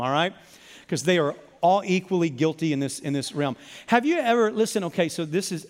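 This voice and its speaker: A male pastor preaches in an animated, storytelling way and keeps calling on the congregation to repeat words back. His voice sits high for a man. A long reverb trails his voice through a large hall. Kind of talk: sermon.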